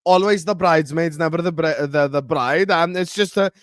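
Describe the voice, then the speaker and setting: A man on a football podcast panel, arguing in a casual, animated and jokey way. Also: on the high side, moderate pace, no echo, clean studio sound. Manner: animated, jokey, puts on accents.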